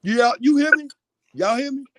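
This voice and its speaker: A man calling into a casual sports chat, rambling and repeating his shout-outs. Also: very high voice, moderate pace, background noise. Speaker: caller.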